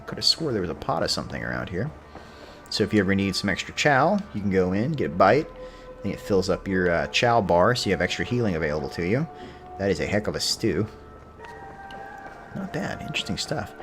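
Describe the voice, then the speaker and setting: A man streaming a video game, chatting and joking with historical asides. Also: on the low side. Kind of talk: gameplay commentary.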